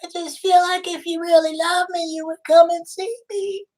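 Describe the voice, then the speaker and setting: A woman's voice: very high-pitched, fairly even intonation, moderate pace, darkish tone. A woman on a prank phone call, playing a lonely, clingy character who giggles and gushes emotionally. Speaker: scam baiter posing as a lonely woman.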